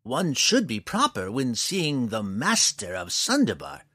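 A man's voice: medium pitch, wildly swooping pitch, unhurried, sharp tone, dry recording, studio quality, full character voice. A man voicing a fussy, proud male dwarf sage who speaks formally and huffs when flustered. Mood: excited. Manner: prim, formal and huffy.

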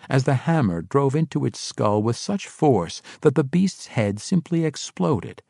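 A man narrating a fantasy novel in expressive storytelling style. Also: mid-range voice, vocal fry, no echo, studio quality. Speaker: audiobook narrator.

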